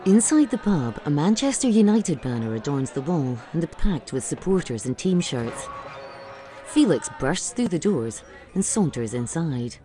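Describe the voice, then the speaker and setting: A woman reading scripted audio description of a film, calm and even. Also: sits low, moderate pace, music in the background, crowd noise.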